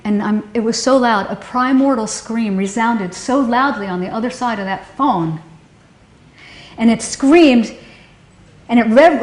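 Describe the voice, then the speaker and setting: A woman telling a painful personal story, halting and emotional, often restarting her sentences. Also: fairly high pitch. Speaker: storyteller recounting a personal loss. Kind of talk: personal testimony. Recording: roomy echo.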